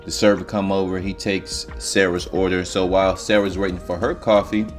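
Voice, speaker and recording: A man's voice: sits low, level tone, moderate pace, soft background music. A man telling a comedic story in a loose, rambling, profane way.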